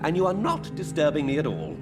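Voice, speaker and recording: An actor playing a genial, oddly cheerful shopkeeper who relishes fine food, speaking theatrically. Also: male voice, on the high side, huge pitch swings, a little fast, over music. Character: jovial male gourmand shopkeeper, oddly cheerful.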